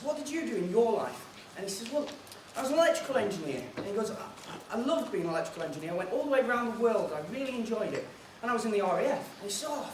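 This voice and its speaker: A man hosting a seminar, telling an anecdotal joke and giving housekeeping notes in a chatty storytelling way. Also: high voice. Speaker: seminar organiser and host. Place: conference room on an air base. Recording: roomy hall from far off, noisy.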